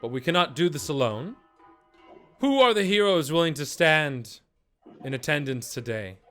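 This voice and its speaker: A man's voice: a little high, expressive, normal speed, bright, forceful tone, soft background music. A man voicing Greta, a woman leading the town, rallying and reassuring. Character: commanding female town leader.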